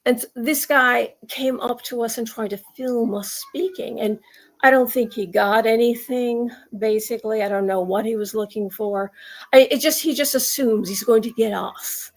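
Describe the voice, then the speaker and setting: A woman's voice: a little high, normal speed. Emphatic rambling woman vlogger. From United States. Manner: rambling, emphatic, frequent restarts. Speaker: commentary vlogger. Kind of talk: casual opinion monologue.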